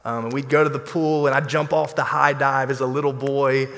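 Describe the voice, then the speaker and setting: A man preaching a sermon as pastor, in an animated, conversational style with playful asides. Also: medium pitch, brisk. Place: church sanctuary. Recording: long church hall reverb.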